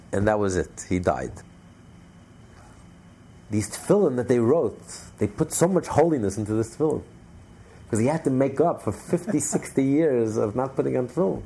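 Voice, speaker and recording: A man teaching a religious class, telling a story in an animated way with frequent restarts. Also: medium pitch, husky.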